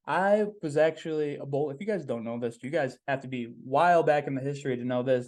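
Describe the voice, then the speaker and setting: Young man, podcast host, casual solo talk, upbeat, rambling, mid-pitched. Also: darkish tone. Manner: upbeat, rambling, with many "um"s and repeated phrases.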